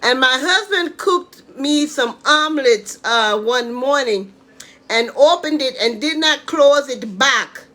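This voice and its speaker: A woman's voice: sits high, expressive, slow pace, fairly bright tone. A woman hosting her own home cooking live stream, chatting casually and often checking in with "okay?". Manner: chatty, tags lines with "okay?". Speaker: home cooking show host.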